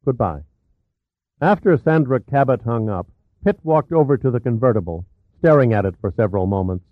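A man narrating a thriller audiobook in an even, measured storytelling manner. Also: medium pitch, dry recording. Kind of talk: scripted narration. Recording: tinny phone-like, dry.

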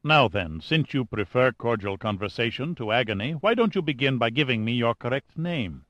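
A man's voice: medium pitch, expressive, moderate pace, fairly bright tone, dry recording, lightly acted. A man voicing a menacing, sarcastic male general who interrogates a prisoner, in a sneering, commanding manner.

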